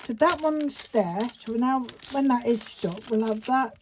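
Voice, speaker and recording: A woman's voice: on the high side, unhurried. A woman chatting casually while she demonstrates a paper craft project, rambling and talking to herself as she works, recorded on a phone camera. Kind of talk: casual craft tutorial chat. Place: indoors at a craft table. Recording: faint background noise with paper crinkling.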